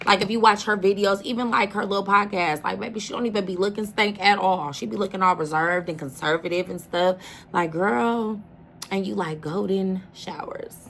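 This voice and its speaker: A woman's voice: medium pitch, creaky, a bit bright, a little hiss or hum. A woman hosting a reaction video, talking casually and emphatically, often addressing the listener as "baby.".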